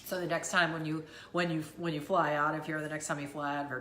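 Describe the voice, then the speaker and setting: A woman's voice: low-pitched, flat delivery, fast, pushed and bright, a little hiss or hum. Woman, 30s, mom vlogger; emotional, self-deprecating, rambling; echoey room. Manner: tearful, rambling, self-deprecating, laughs through it. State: teary after crying. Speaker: vlogger, mother of two. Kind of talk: emotional personal vlog.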